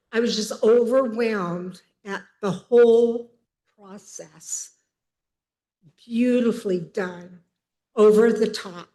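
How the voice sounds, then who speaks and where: A woman in her seventies speaking at a city council meeting, emphatic and upset, pausing as she tries to hold herself together. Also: on the high side, dark tone. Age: 70s. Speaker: public commenter. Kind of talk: public comment at a council meeting.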